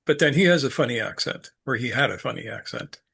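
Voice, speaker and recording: A man giving an unscripted teaching talk, halting and full of fillers, with a dry sense of humor. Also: medium pitch, animated, vocal fry, fairly bright tone, slightly rough. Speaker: speaker leading a study group talk.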